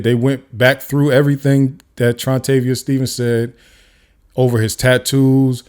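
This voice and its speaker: A man's voice: mid-range voice, a little mellow. A man hosting his own podcast, talking off the cuff in casual solo commentary with frequent restarts. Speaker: podcast host. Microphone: camera-facing studio mic.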